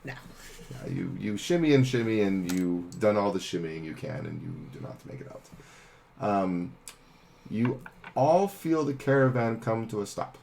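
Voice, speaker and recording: A man narrating as game master of a tabletop game, laid-back and chuckling, with sudden shouted sound effects. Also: lowish voice, animated, measured pace, creaky, noisy background.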